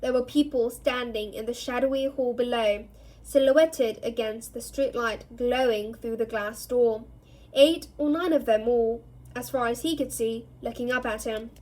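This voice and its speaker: A woman reading a novel aloud in an expressive storytelling way, giving each character a voice. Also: on the high side, unhurried. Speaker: reader.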